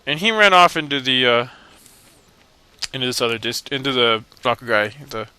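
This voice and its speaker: A young man talks through a video game in loose, rambling commentary, cracking jokes and poking fun at himself. His voice is bright and crisp, with a clear, smooth tone. He sits mid-range in pitch. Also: expressive, moderate pace, no room sound. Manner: joking, rambling, self-mocking. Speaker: let's play host. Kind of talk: casual gameplay commentary.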